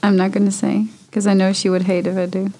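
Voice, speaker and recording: A young woman chatting casually with friends, teasing and reacting quickly. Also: medium pitch, monotone, background noise. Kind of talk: casual chat among friends.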